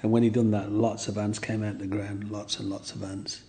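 A man in his sixties with a gravelly edge, telling his story at length. He circles back, repeats himself and keeps checking in with the listener. A faint hiss sits under the voice. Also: lowish voice, level tone, normal speed, dark tone. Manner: rambling, repeats himself, "you know what I mean". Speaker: interviewee. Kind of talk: reminiscing storytelling.

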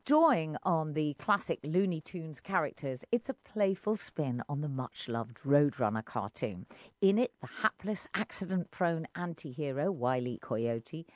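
An English woman presents an arts programme on the radio. Her delivery is lively, with pitch that rises and falls freely. The studio sound is dry, with little room around her voice. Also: no room sound. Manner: lively, expressive intonation.

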